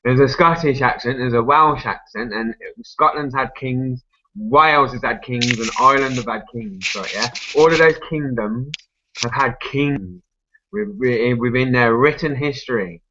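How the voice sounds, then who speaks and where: A man's voice: mid-range voice, unhurried, bright, forceful tone, muffled recording. Rambling Englishman with "right, yeah?" tags. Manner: rambling, tag questions, frequent swearing. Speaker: group discussion speaker. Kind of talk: rambling casual argument.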